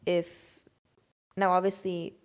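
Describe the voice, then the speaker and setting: A woman's voice: lowish voice, flat delivery, takes it slowly, clean tone. A woman co-hosting a podcast, talking reflectively and casually, with lots of "like" and "you know". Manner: reflective, heavy use of fillers like "like" and "you know". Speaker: podcast co-host. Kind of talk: casual chat.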